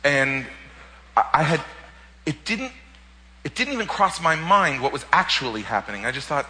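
A man preaching as a pastor, telling a personal story in an animated way and often repeating words. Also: medium pitch, moderate pace, big-room sound, poor audio. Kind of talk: sermon testimony storytelling.

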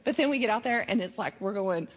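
A woman's voice: mid-range voice, animated, fast talker, husky. A woman sharing a church mission trip testimony in a casual, emotional way, with lots of fillers. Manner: emotional, filler-heavy storytelling.

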